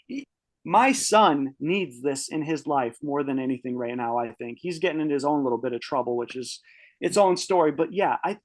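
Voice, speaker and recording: With a slightly high voice at normal speed, a podcast guest in his early thirties recounts a personal story. The telling is loose and rambling, with plenty of swearing and frequent restarts.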